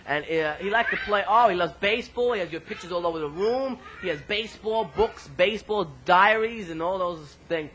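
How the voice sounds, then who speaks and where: A man hosting a home-made mock radio street-interview show, excitable and rambling, often tripping over his words. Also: high-pitched, brisk, few pauses, slight background noise, low-quality recording.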